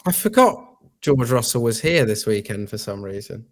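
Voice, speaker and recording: A man's voice: mid-range voice, expressive, moderate pace. Easygoing man chatting race. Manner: easygoing, chats with viewers. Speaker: stream co-host. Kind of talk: casual live race watch-along chat.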